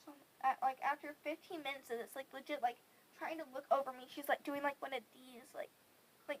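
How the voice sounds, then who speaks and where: A young woman vlogger telling a story in animated, profane casual chat, full of 'like'. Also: high-pitched, brisk, a little hiss or hum, poor audio.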